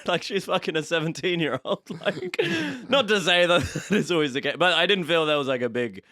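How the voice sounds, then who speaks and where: A man's voice: fairly high pitch, a little fast, sharp tone, dry recording, clean studio sound. A man as a comedy podcast guest, candidly telling stories and laughing often. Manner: candid, giggly storytelling. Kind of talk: casual comedy chat.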